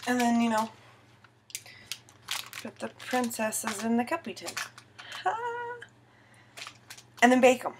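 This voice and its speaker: A woman's voice: a little high, steady tone, takes it slowly, long pauses, noisy background. A tipsy young woman filming a casual baking tutorial in her home kitchen, giggly, rambling and self-mocking.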